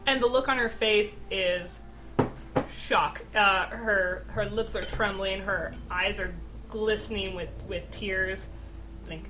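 A woman's voice: medium pitch, fairly even intonation, slow, background noise. A woman player describing her character in a tabletop game, hesitant and stammering.

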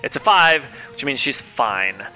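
A man running a tabletop game as game master, talking with many fillers and pauses. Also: mid-range voice, sing-song, sharp tone, soft background music. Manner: rambling, hesitant with many fillers.

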